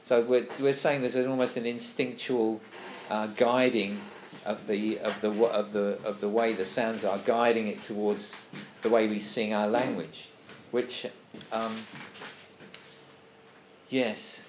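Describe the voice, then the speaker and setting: A thoughtful man leads a relaxed group discussion. He thinks aloud and stops now and then to read a passage out. His voice rings around an echoey room with a faint hiss underneath. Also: lowish voice, unhurried.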